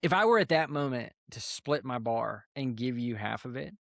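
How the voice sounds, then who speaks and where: Army vet guy on a podcast, gravelly voice, calm storytelling, dry close mic. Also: medium pitch, no room sound. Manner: calm, unhurried storyteller with fillers. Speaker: podcast guest, army veteran. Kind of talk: casual storytelling interview.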